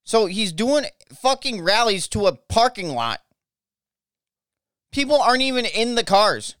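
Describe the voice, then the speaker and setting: A man's voice: high-pitched, very animated, unhurried, fairly bright tone, smooth, dry recording, clean studio sound. An American man hosting a podcast, ranting angrily with lots of swearing and stumbling restarts. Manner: angry, profane, repeats himself. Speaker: podcast host. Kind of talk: ranting political podcast monologue.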